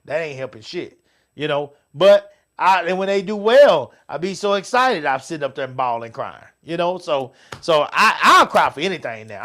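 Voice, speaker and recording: A middle-aged man co-hosting a casual show, swearing freely and swinging between loud outbursts and quiet asides. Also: high voice. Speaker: podcast co-host. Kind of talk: casual chat with listeners.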